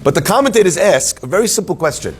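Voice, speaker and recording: A man playing a rabbi teaching a live class, higher voice, lively and joking. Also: fast, slight background noise. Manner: animated, joking storyteller who asks questions. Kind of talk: Torah class before a live audience.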